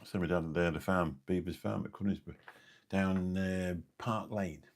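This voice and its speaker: A man's voice: sits low, steady tone, normal speed. A man in his fifties with an English accent, a taxi driver chatting late at night on his live stream, rambling and forgetful as he answers viewers' comments.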